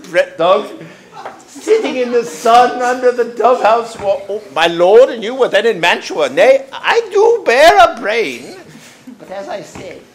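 Woman doing a rambling, giggly old nurse with a high, lively voice and slow delivery, roomy stage recording. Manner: rambling, laughs through her lines. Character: old chattering female nurse, bawdy and giggly. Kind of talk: amateur stage acting. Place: theater stage.

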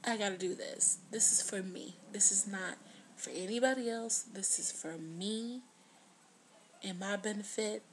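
A woman in her twenties talking earnestly to the camera in a confessional video diary, sometimes dropping to a hush. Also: medium pitch, a little slow, a little hiss or hum. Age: 20s. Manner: earnest, heartfelt, drops to a hush at times. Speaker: vlogger.

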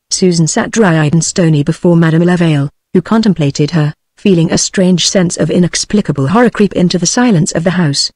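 A woman's voice: on the low side, no echo, studio quality. British woman narrating, synthetic voice. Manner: even, measured synthetic delivery. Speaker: audiobook narrator.

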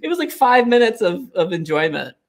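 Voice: mid-range voice, very animated, brisk. A host telling a prank story in casual chat, swearing and acting out other people's voices.

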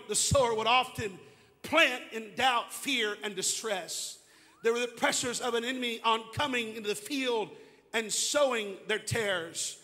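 An actor playing a grieving male pastor who preaches steadfast faith, swelling into shouted declarations. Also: very high-pitched, in a large hall, full character voice. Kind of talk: sermon.

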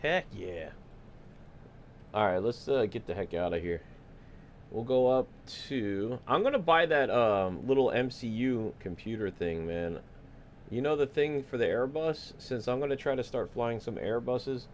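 A laid-back man streams a flight simulator, chatting loosely with viewers and cracking jokes. His voice sits low but moves up and down a lot as he talks. A faint hum of ambience sits behind him. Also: a little mellow. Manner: laid-back, joking, thinking aloud. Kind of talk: casual live-stream chat.

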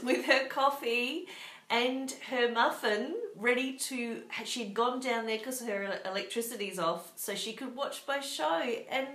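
A woman with an Australian accent hosting a live craft show from her home craft room, bubbly and chatty as she greets viewers by name. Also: medium pitch. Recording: echoey room.

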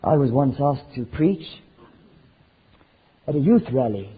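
A man preaching a sermon, swinging from loud fervent declarations to hushed near-whispers. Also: medium pitch, animated, slow, pauses often, breathy edge. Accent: South African. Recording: tinny lo-fi sermon recording with faint noise.

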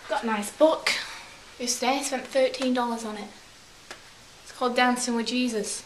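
A young woman tells a rambling story to her camera in a put-on English accent. Her voice sits a little high, and the room gives it a clear echo. A faint hiss runs under everything. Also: fairly quick, a bit bright. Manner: chatty, acts out quotes in silly voices. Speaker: vlogger.

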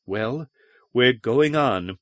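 A man's voice: medium pitch, lively intonation, extremely slow, a bit bright, no room sound. A man voicing a proud, haughty young noblewoman who serves as a naval officer, in a slightly raised, clipped delivery.

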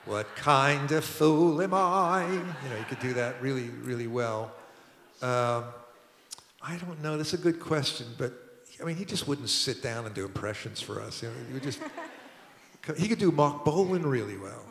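A man's voice: medium pitch, moderate pace. An older man, telling rambling studio anecdotes at a public talk, with restarts and chuckles. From Brooklyn, New York. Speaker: record producer guest. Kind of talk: storytelling on a public talk stage. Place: museum auditorium. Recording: roomy hall with long reverb.

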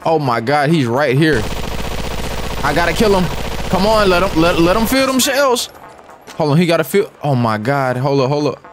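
A young man talks his way through a game, excitable and slangy, repeating phrases and muttering rap lines. His voice sits high and swings widely in pitch, and faint music plays under him. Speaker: gaming YouTuber. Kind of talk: live gameplay commentary.

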